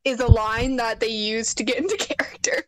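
Female co-host, high-pitched, teasing and giggly, clear crowd noise behind. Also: moderate pace. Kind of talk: casual podcast chat. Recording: crowd chatter in the background.

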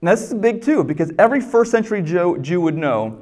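A man's voice: sits high, expressive, fast, darkish tone. A man preaching a sermon as pastor, teaching in a conversational, emphatic way with rhetorical questions.

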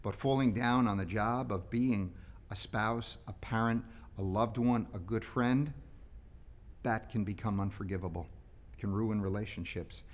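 A man's voice: on the low side, measured pace. A man speaking as a priest, giving an earnest daily reflection and reading scripture, sometimes repeating words as he presses a point.

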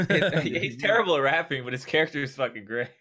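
A young man rattling off an anecdote on a podcast, laughing along as he goes. He talks fast in a mid-range voice. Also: fairly high pitch. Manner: animated storyteller who laughs through his own anecdotes. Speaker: podcast co-host. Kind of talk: casual chat.

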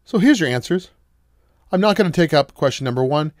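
A man's voice: a little high, lively intonation, fairly quick, no room sound. Patient man giving a dry math lecture. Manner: patient, explains step by step with questions to students. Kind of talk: recorded lecture.

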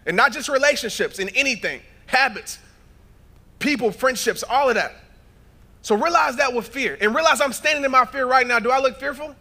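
A man in his thirties delivering a motivational keynote into a handheld stage mic. His voice sits high for a man and rings bright and forceful. He tells stories in acted-out dialogue, then rises to shouted, preacher-like peaks. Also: fairly quick. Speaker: motivational speaker. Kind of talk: keynote speech. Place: large event hall.

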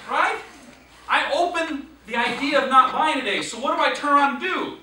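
A man's voice: very high-pitched, fairly quick, recorded from a distance, a little hiss or hum. A man running a sales training class, telling stories and quizzing his trainees. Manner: lively storytelling, quizzes the class. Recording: echoey room, recorded from afar.

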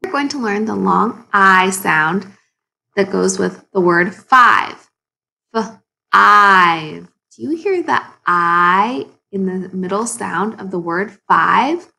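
A woman teaching a phonics lesson to young children, sounding words out slowly and asking the class encouraging questions. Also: medium pitch, creaky, pushed and bright. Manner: slow, exaggerated sounding out of words.

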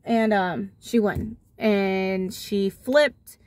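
A woman's voice: medium pitch, extremely slow, darkish tone, no room sound. Chatty mother telling a story. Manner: chatty, rambling, many fillers and restarts. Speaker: vlogger and mother. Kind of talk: casual storytelling vlog. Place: car.

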